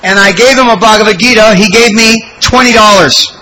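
A man telling a devotional story in a sermon, animated and exclamatory, acting out the people he quotes. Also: high voice, brisk, a little hiss or hum, poor audio. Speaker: devotional speaker.

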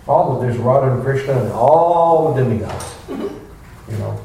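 A man's voice: mid-range voice, expressive, unhurried, creaky, dark tone. A man giving an informal scripture class, full of rhetorical questions and playful asides, recorded from a distance in an echoey room. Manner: folksy, rhetorical questions, acts out quotes. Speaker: spiritual teacher giving a class. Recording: echoey room, distant mic, faint noise.

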